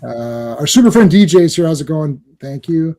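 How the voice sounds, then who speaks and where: A man's voice: fairly high pitch, animated, moderate pace, warm tone. A middle-aged Canadian man hosting a casual livestream chat, talkative and laughing often. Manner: chatty, laughing, breaks into silly voices. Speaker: podcast host.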